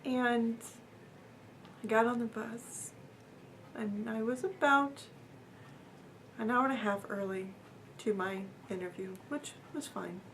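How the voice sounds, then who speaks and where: Earnest lady telling her own story, kinda halting, drops almost to a whisper sometimes, bit of hiss behind. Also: a little high, fairly bright tone. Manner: earnest, halting, with fillers and repeats, voice dropping to a near whisper at times. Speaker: vlogger telling a personal story. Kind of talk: casual personal storytelling.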